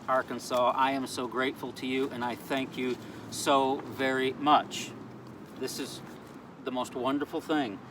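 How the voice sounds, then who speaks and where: A man's voice: medium pitch, recorded from a distance, background noise. A man talking casually to camera in an outdoor town square, earnest and playfully pleading. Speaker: vlogger.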